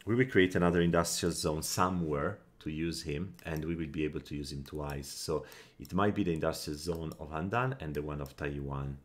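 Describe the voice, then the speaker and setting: A man giving casual commentary on his strategy game, thinking aloud, counting under his breath and flashing quick annoyance at setbacks. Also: rumbling low. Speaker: gameplay commentator.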